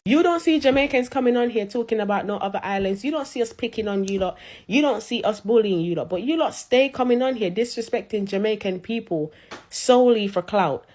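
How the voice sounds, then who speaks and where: A woman's voice: mid-range voice, darkish tone. Woman, mid voice, blunt defiant rant into her phone. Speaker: social media creator. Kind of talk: ranting to camera.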